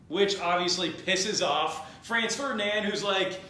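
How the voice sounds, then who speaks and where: A man with a high, sharp-toned voice tells a history story at a party, taking his time yet barely pausing. His comedic, drunk-history-style retelling is loose, jokey, and rambling, and he acts out the voices of the people in it. The room is very echoey with a faint background noise.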